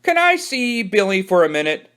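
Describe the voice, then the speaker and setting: A man's voice: high voice, big pitch swings, normal speed, pushed and bright, clear, resonant tone, pitched above the performer's own voice, heavily acted. Young boy, sly and teasing, storybook friend, read by a man. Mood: coy.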